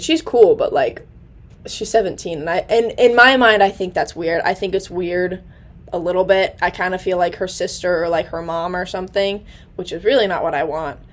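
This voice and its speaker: A nineteen-year-old woman talking casually into her laptop camera in a diary-style vlog, chatty and rambling, with many fillers and self-deprecating asides. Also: fairly low pitch. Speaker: college student vlogger.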